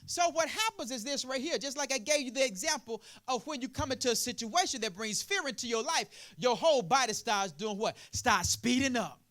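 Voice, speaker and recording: A male preacher giving a sermon in a call-and-response style, asking "what?" and answering himself, building from quiet explaining to loud preaching. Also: extremely high pitch, animated, brisk, hardly any pauses.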